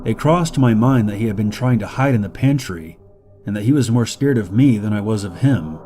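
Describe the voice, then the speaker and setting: Dark-toned man narrating horror stories. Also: on the low side, animated, a little fast, faint music behind.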